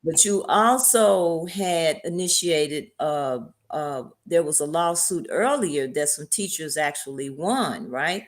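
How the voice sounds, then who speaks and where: Lower-voiced woman host asking questions. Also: lively intonation, slow pace, hardly any pauses. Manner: brief probing questions and listening murmurs. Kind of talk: round table discussion.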